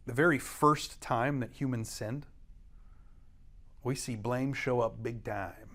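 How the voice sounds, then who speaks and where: In a church classroom, a man leads an adult Bible study, earnestly explaining scripture and leaning hard on key words. His mid-range voice is slow and a bit bright, and he briefly acts out quotes from scripture figures.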